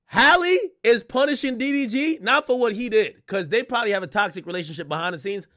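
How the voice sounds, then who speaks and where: A man streaming live, telling stories loudly and animatedly, acting out quotes and laughing often. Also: high voice, animated, quick pace. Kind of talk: livestream commentary.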